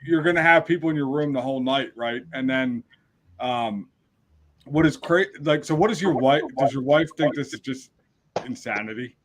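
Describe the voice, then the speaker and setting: A man hosting a podcast, asking questions in loose, relaxed chat with fillers. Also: mid-range voice, moderate pace, slight background noise. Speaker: podcast host. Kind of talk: casual interview chat.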